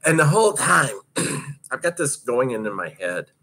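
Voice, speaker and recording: Animated husky-voiced man telling a story. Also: medium pitch, moderate pace. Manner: animated, laughing, swearing freely. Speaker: roller derby skater recounting practice. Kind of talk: casual storytelling monologue.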